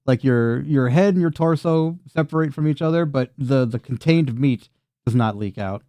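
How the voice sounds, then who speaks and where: A man's voice: mid-range voice, moderate pace, dark tone, no room sound. A man narrating as game master of a tabletop game, laughing often and swearing freely as he plays out the scene.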